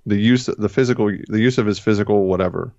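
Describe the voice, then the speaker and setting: A man's voice: on the low side, fast, darkish tone, no room sound. A man co-hosting a casual chat, rambling and correcting himself as he retells scenes. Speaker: podcast co-host. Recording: dull, lo-fi dry recording.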